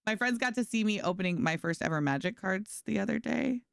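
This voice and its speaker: Speaking fairly quickly with vocal fry, a young woman with an animated, mid-range voice chats bubbly and casually on a live stream as she plays. She talks to chat and to her dog, says "like" often, and the audio is studio quality with no echo.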